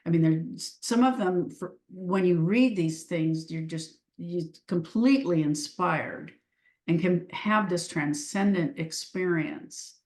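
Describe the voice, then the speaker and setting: Slow, earnest woman in an echoey room. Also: on the low side, a little mellow. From Washington state. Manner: earnest, searching, restarts often. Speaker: guest, leadership coach. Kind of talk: reflective interview talk.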